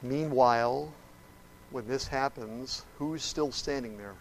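A male preacher with a gravelly, mid-pitched voice delivers a sermon. He tells the story dramatically and speaks directly to his listeners. His voice swings between hushed tones and loud bursts. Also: slow, a little hiss or hum, poor audio.

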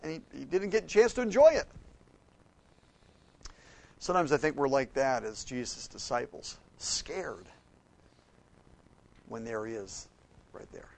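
A man preaching a sermon, telling stories with acted-out quotes and swinging between loud outbursts and soft, quiet passages. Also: mid-range voice, lively intonation, measured pace, gravelly, long pauses, a little hiss or hum.

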